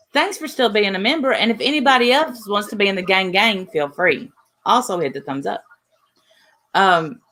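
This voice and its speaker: A woman's voice: mid-range voice, a bit bright. A woman hosting a casual livestream, rambling and trailing off mid-sentence as she chats with her co-host.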